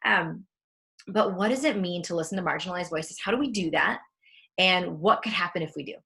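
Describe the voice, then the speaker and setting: A woman interviewing a guest in a measured, earnest way, with frequent fillers. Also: fairly low pitch, expressive, creaky, bright, forceful tone. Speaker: interviewer, author. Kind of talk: conversational interview.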